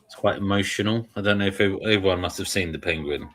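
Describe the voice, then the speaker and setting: A man's voice: low voice, fast, a bit bright. A man in casual streamed chat, rambling and restarting as he hunts for words.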